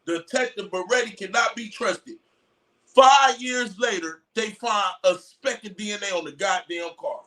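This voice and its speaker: A man giving a loud, profane, mocking rant of casual commentary on a trial, breaking into shouts. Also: high-pitched, measured pace, distant mic. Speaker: commentary streamer.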